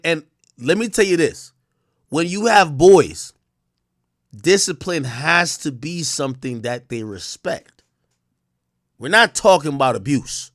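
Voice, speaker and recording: A man hosting a livestream, ranting in profane, animated commentary that swings from loud outbursts to low muttering. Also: dry recording, studio quality. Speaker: livestream host.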